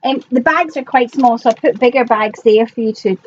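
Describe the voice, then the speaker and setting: A woman's voice: fairly high pitch, fairly quick, muffled recording, a little hiss or hum. A woman co-hosting a live cabaret show, handing out prizes with playful, giggly teasing banter. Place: live venue on stage.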